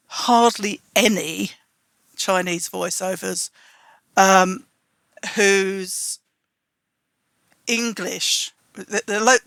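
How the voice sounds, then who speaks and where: Female publisher, bright tone, dry close sound, chatty and animated storyteller. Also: mid-range voice, no room sound. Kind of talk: casual conversation.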